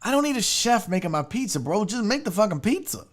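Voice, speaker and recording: A man's voice: high-pitched, wildly swooping pitch, brisk, hardly any pauses. A young man hosting a show, ranting casually about food with rowdy, profane, mock-angry outbursts. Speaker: sports show host. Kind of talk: casual livestream rant.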